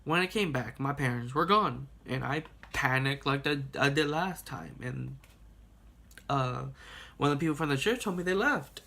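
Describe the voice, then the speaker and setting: A young man telling a childhood story in a casual vlog, rambling and animated, laughing and swearing as he goes. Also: medium pitch, normal speed, creaky. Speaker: vlogger.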